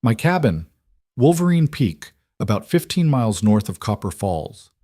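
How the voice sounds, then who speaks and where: A gruff, solitary mountain man who speaks in short, level lines, low and unhurried, as the narrator voices him. Dry, close sound with no room around it. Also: very animated, mellow, no echo. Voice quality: level and terse.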